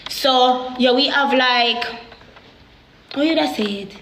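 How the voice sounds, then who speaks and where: A Jamaican woman speaks in patois with a high, sharp voice, pouring out a personal story in an animated, heated way. The sound rings around an echoey room. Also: takes it slowly, a little hiss or hum.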